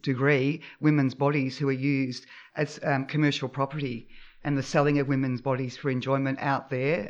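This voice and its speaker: A man speaking on a radio panel in a thoughtful, earnest, halting way. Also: mid-range voice. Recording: slightly muffled radio audio.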